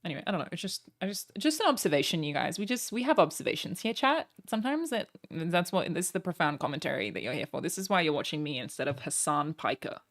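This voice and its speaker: A young woman streaming from home, chatting casually and joking at her own expense, with quick asides to her chat. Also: fairly low pitch, animated. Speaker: streamer reacting to a broadcast.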